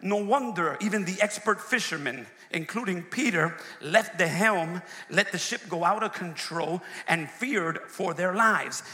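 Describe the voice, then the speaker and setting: A pastor preaching a sermon, swinging from quiet asides to shouted peaks, recorded in a church. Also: male voice, high-pitched, a little slow, few pauses. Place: church sanctuary. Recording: long reverb of a large hall.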